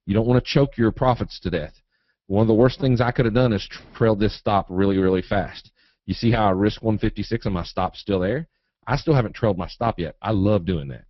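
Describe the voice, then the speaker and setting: Reading viewer questions aloud and answering them, a man teaches trading in a live webinar, joking in a relaxed, folksy way. He's from Eastern Kentucky, with a Southern accent and a low, easygoing voice. There's no room sound, just a dry, slightly muffled web-stream quality.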